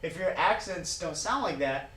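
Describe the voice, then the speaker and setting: A man's voice: on the high side, expressive, moderate pace, sharp tone. A man teaching a drumming exercise in a casual way, counting beats aloud, recorded in an indoor practice room from a camera mic across the room. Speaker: drum teacher. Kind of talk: casual instructional talk. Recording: roomy, distant mic with drumming.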